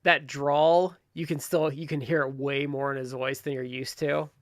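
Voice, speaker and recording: A man co-hosting a wrestling podcast, chatting casually with quick asides that trail off mid-sentence. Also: a little high, flat delivery, no room sound, studio quality. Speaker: podcast co-host. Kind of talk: casual chat.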